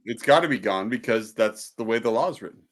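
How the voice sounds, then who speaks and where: A man's voice: on the low side, expressive, a little fast, a bit bright. A man co-hosting a pirate-themed finance show, reading segments full of pirate puns. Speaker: co-host.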